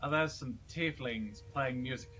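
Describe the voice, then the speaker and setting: A man's voice: mid-range voice, unhurried, sharp tone, slight background noise. A man playing a tabletop game, wry and chatty, slipping into polite in-character talk. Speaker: player. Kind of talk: casual tabletop play.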